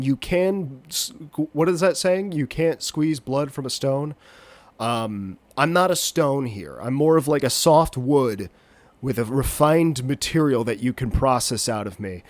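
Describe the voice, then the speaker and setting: A medium-pitched man with no echo on his voice hosts a solo podcast while still stuffy and nasal from a cold. He rambles along, joking at his own expense.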